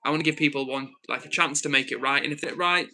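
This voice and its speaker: A young man with a Northwest English accent hosting a live stream, reading chat and calmly, earnestly lecturing a troll with many restarts. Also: a little high, fast. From Northwest England. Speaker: livestream host.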